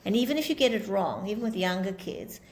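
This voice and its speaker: A woman's voice: mid-range voice, expressive, quick pace. A woman teaching a class on communication, explaining with acted-out example dialogues. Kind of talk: lecture with group discussion.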